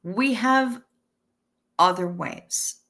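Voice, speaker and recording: A woman's voice: medium pitch, drawn-out words, bright, forceful tone. A woman in her fifties hosting a casual livestream, chatty and profane as she thanks viewers and answers the chat. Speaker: livestream host reading chat. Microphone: webcam stream setup.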